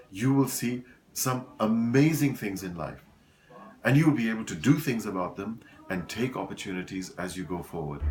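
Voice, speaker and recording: Male motivational speaker, animated storyteller with a lively, swinging pitch and mid-range voice. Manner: animated storyteller addressing listeners as folks; repeats words for emphasis. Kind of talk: motivational talk.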